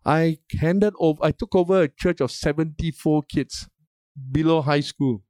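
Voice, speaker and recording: A man's voice: on the high side, moderate pace, dark tone, no room sound, studio quality. An older man preaching a sermon as a pastor, emphatic and asking the congregation questions for response.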